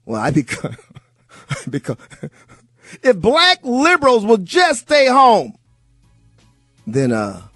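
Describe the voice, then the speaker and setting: A man's voice: extremely high pitch, slow pace, pauses often, no room sound, faint music behind. A man hosting talk radio, telling stories and delivering a conservative monologue with mocking asides. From United States. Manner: animated, storytelling, mocking asides. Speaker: fill-in radio talk host.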